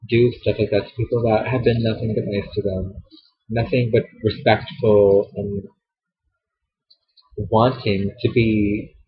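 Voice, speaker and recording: A young man venting to the camera in a heated, profane, sassy rant, recorded on a poor built-in camera mic. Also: husky. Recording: dull low-quality camera audio.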